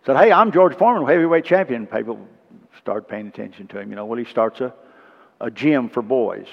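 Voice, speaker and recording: Gravelly preacher telling stories in a hall. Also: male voice, fairly low pitch. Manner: storytelling with asides and frequent throat clearing. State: emotional. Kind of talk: sermon. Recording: muffled recording with long reverb.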